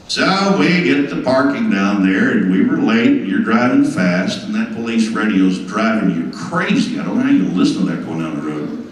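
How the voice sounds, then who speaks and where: A man's voice: fairly low pitch, sing-song, normal speed. A man giving a folksy, emphatic tribute speech full of stories. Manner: emphatic, down-home storyteller. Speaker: speaker at a tribute event. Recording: echoey hall from far off.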